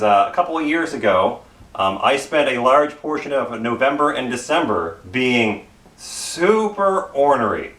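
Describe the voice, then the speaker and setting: A man's voice: a little high, a bit bright, distant mic. A middle-aged man with a Canadian accent, preaching a casual sermon full of self-deprecating personal stories. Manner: self-deprecating, storytelling, repeats phrases. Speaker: pastor. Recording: roomy church sound from off-mic.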